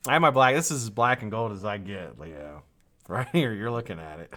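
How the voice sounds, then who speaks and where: A man's voice: fairly low pitch, expressive, a little fast, pushed and bright. A tired, yawning man hosting a live stream, rambling casually with frequent swearing and laughter.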